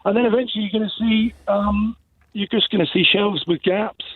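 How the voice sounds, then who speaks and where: A man's voice: high voice, fairly even intonation, brisk, dry recording. A man calling into a radio phone-in, hesitant and repeating words as he gets going. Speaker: caller. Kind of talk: phone-in call. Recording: tinny phone line.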